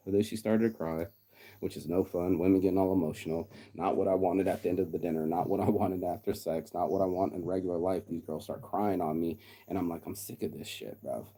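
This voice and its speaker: Brief: middle-aged man, low dark voice, quick blunt profane rant, mocks others. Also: fairly even intonation. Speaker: vlogger. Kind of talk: casual ranting monologue.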